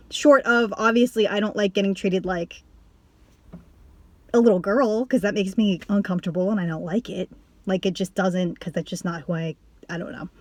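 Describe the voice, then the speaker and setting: A woman YouTuber talking casually to camera, rambling, with lots of "like" and quick restarts. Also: medium pitch, no echo. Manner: rambling, heavy use of "like", acts out others in a raised voice. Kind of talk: casual vlog talk to camera.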